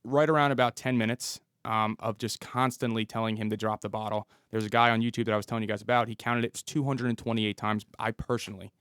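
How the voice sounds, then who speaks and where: A man's voice: on the low side, fairly even intonation, fast, few pauses, fairly bright tone, smooth, dry recording, clean studio sound. A man who was a police officer, a podcast guest telling a story in a casual, matter-of-fact way. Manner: detailed, matter-of-fact retelling.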